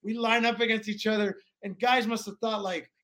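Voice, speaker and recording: A man in his forties, a former pro hockey player from Alaska, telling stories in a rambling, animated way with many restarts. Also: high-pitched, normal speed, a little hiss or hum. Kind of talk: casual storytelling interview.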